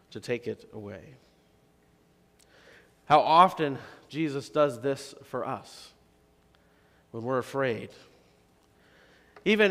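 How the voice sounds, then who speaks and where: A male pastor delivers a sermon in a church sanctuary, and his mid-pitched voice trails off into a long reverb. He talks to the congregation conversationally, lifting his voice on emphatic questions and then dropping to soft, low phrases.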